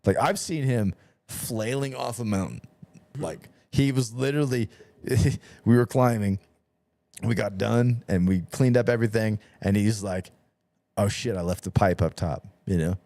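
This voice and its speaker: Low, dark-voiced man telling stories. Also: measured pace, vocal fry, no room sound. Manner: swearing, animated storyteller acting out both sides of the talk. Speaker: podcast host. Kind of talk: casual chat.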